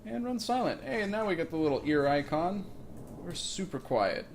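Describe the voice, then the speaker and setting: A man's voice: on the high side, sing-song, moderate pace, creaky, slight background noise. Joking man narrating gameplay. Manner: joking, rambling asides. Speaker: let's play host. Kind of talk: casual gameplay commentary. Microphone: makeshift mic setup.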